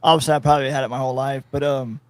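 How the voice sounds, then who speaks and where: A man's voice: medium pitch, fairly even intonation, rapid-fire, no echo. A man co-hosting a podcast in casual chat, blunt and joking, swearing freely as he tells his story. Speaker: podcast co-host.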